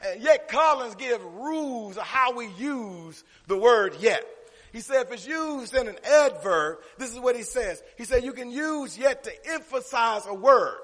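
High-voiced preacher in a reverberant church. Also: male voice, expressive, a little slow. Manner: call-and-response preaching, rising to shouts. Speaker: pastor. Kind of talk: sermon. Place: church sanctuary. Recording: long reverb of a church hall.

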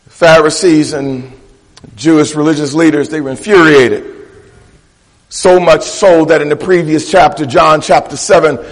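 A man's voice: fairly high pitch, normal speed. A man preaching a sermon, pressing his points by repeating phrases and calling out to the congregation. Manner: emphatic, repeats phrases for effect. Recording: echoey hall reverb.

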